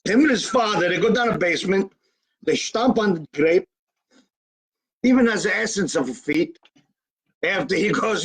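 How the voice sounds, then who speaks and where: A man's voice: sits high, fairly bright tone, husky, rough recording. A man, a guest actor bantering playfully about food and family. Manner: playful, food-loving banter, quick asides. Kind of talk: casual live show chat.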